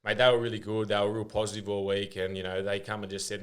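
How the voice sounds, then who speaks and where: A young Australian man chatting on a podcast, his voice sitting a little low. He tells rambling stories full of fillers and restarts in a relaxed, easy way. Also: quick pace, few pauses. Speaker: podcast guest. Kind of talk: casual interview chat.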